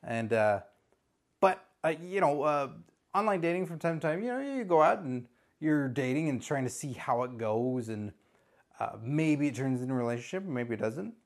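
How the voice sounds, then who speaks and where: A man's voice: medium pitch, moderate pace. A man from Southern California in his thirties, hosting a podcast as a casual solo chat, rambling and joking at his own expense. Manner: rambling, self-mocking, jokey, with animated put-on voices. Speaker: podcast host.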